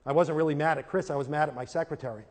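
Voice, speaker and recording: High-voiced man lecturing in a reverberant hall. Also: very fast. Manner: animated storytelling, acting out scenes in character. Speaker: speaker on parenting and teaching. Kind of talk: live lecture to an audience.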